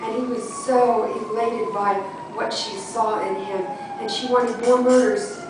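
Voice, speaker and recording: Higher-voiced woman, playful improv narrator. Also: fairly even intonation, measured pace, background noise. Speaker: improv student. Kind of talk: improvised storytelling. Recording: echoey room from far off.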